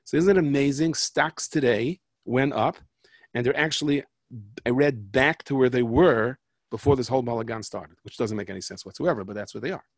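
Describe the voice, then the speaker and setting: A man's voice: medium pitch, a little fast, no room sound, studio quality. A man telling stories and parables in a rambling, conversational way that often breaks off and restarts. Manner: rambling, conversational, self-interrupting. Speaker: speaker, storyteller. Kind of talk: storytelling talk with jokes and parables.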